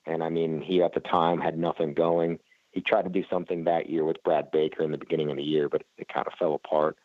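A man's voice: rumbling low, flat delivery, quick pace, dry recording, narrow, tinny audio. A man, a racer being interviewed, talking casually and rambling with lots of fillers and restarts. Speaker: flat track racer, guest.

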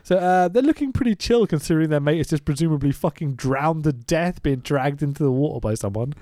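A man hosting a casual podcast, recapping a film in an animated, sweary rant full of laughs. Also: a little high, a little fast, no room sound, clean studio sound. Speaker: podcast host.

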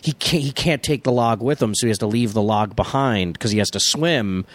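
Rambling, animated man with a dry sound. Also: mid-range voice, fairly quick, no echo. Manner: rambling storyteller with animated impressions. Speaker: podcast co-host. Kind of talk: casual chat.

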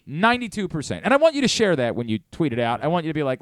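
Animated male sports radio host. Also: a little high, very fast, few pauses, no echo, clean studio sound. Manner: rambling, self-deprecating, animated. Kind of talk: casual sports talk. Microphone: studio microphone.

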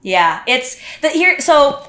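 Bright, animated woman in an echoey room. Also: high voice, takes it slowly. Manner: animated, acts out quotes, many restarts. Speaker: podcast guest. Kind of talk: casual storytelling chat.

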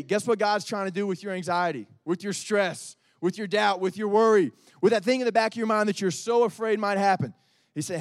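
High-voiced youth pastor telling family stories. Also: male voice, dry recording, studio quality. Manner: conversational, animated storytelling with many fillers. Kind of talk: youth group sermon.

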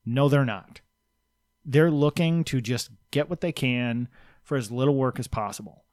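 A man's voice: medium pitch, unhurried, darkish tone, dry recording, studio quality. Blunt, sarcastic man co-host. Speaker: podcast co-host. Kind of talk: casual political chat.

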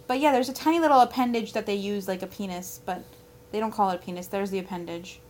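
A woman's voice: medium pitch, quick pace, a little mellow. A woman co-hosting a podcast in casual chat, blunt and dismissive, often reading aloud from articles. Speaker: podcast co-host.

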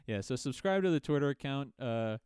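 Rambling, foul-mouthed young podcast co-host. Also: male voice, medium pitch, animated, moderate pace, a little mellow, clear, resonant tone, no room sound, clean studio sound. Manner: rambling, swears a lot, laughs often. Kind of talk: casual podcast chat.

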